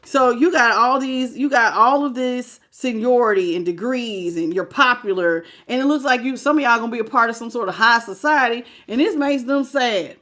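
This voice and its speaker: Animated woman reading tarot live. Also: fairly high pitch, moderate pace, hardly any pauses. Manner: casual, animated, greets live chat. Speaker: tarot reader.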